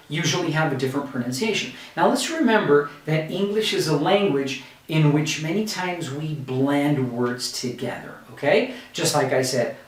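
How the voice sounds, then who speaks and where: A man teaching English pronunciation in a video lesson, modeling words slowly and often checking in with "okay?". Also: fairly high pitch. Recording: roomy echo, mic at a distance.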